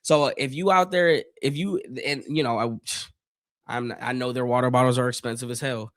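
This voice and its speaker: Chatty hoarse man calling a game live. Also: medium pitch, steady tone, moderate pace, a bit bright, dry recording, studio quality. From Northeast Ohio. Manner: chatty, loose slang, reads chat aloud. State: voice going hoarse. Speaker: live stream play-by-play host. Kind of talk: casual live play-by-play commentary.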